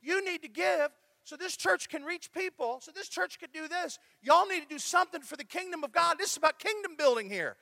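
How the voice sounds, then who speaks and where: A man's voice: extremely high pitch, expressive, a little fast, vocal fry, hardly any pauses, dry recording, clean studio sound, voice pushed up, full character voice. A man imitating a woman pastor with a Texas twang who firmly urges her congregation to give. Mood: exhorting. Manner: forceful, exhorting, loud. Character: bold preaching woman pastor urging giving.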